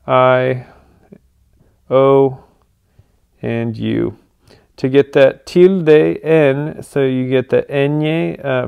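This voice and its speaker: A man giving a casual computer tutorial, relaxed and full of ums and uhs. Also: medium pitch, gravelly, clear, resonant tone. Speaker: tutorial presenter.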